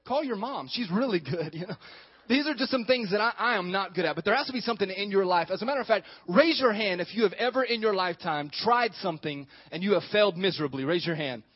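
A man's voice: high voice, fast talker, slightly rough, dull audio. A male pastor preaching a sermon, joking and talking with the congregation.

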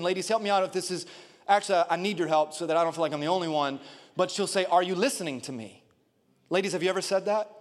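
A male pastor preaching a lively sermon, calling on the congregation for responses. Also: a little high. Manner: animated preaching with call-and-response. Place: church sanctuary. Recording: long church hall reverb.

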